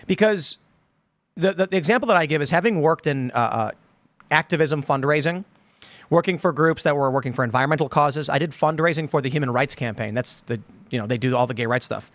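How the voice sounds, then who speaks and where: A man's voice: a little high, fairly quick, fairly bright tone, no echo. Chatty man on a dry mic. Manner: rambling, acts out quotes in put-on voices. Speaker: podcast host. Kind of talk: casual political chat.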